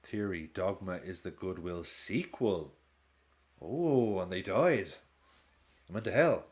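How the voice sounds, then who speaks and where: Male streamer in his 30s, low register with very animated pitch, casual and reactive, curses freely. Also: slow. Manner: reactive, swears freely, jumps between match commentary and films. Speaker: streamer watching a football match live. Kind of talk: casual watch-along chat.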